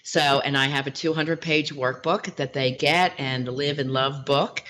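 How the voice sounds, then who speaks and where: A middle-aged woman, a relationship coach as guest, telling client stories in a lively, animated way. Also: low-pitched, moderate pace, slight background noise. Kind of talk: interview storytelling.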